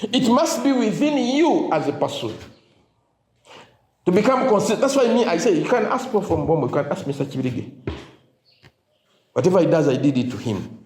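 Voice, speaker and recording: A high-pitched man gives a motivational talk to teachers, his voice swinging up and down a lot. He leaves his sentences hanging with "what?" so the listeners can fill in the word, and now and then he drops into Luganda. He was recorded in an echoey room. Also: big pitch swings, fairly quick, pauses often, a little mellow. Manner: call-and-response, asks "what?" for the crowd to fill in; mixes in Luganda phrases. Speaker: motivational speaker.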